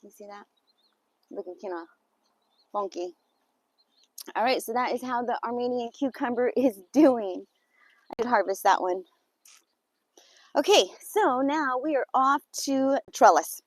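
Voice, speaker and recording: A woman chatting casually with viewers while walking through her garden on a farm for a live vlog, with quick exclamations and nervous laughter. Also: fairly high pitch, dry recording.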